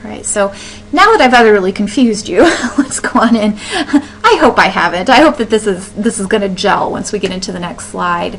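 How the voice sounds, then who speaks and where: A woman teaching a recorded lesson over slides, chatty and patient, often pausing to restart her sentences. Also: medium pitch, expressive, a bit bright, a little hiss or hum, rough recording. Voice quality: chatty, full of fillers and restarts. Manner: explains patiently, laughs now and then.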